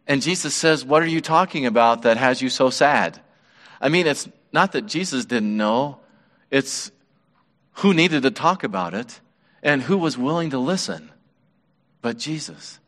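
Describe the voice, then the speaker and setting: A man preaching a sermon as pastor, earnest and measured, his voice dropping softly on key words. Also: medium pitch. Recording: long reverb of a large hall.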